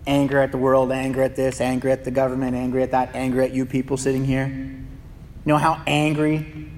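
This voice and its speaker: A man's voice: mid-range voice, monotone, fairly quick, a little mellow, slight background noise. A male pastor giving an impassioned sermon in a church, often repeating words as he builds a point. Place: church sanctuary. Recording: reverberant hall.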